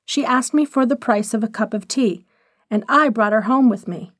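A woman's voice: fairly high pitch, moderate pace, no echo, studio quality, natural voice. A woman voicing an impulsive wealthy young wife who talks in an eager, breathless way.

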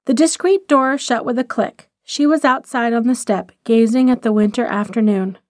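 A woman reads a short story aloud in scripted narration, measured and expressive in her delivery. Her voice sits fairly high. The recording is dry and close. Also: no room sound.

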